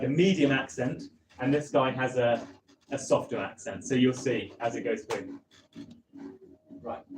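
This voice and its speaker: A man's voice: mid-range voice, background noise. A man from London with a southeastern English accent teaches a live workshop, chatty and laughing often. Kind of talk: live classroom explanation. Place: classroom or workshop room. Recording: roomy, distant live workshop recording with audience.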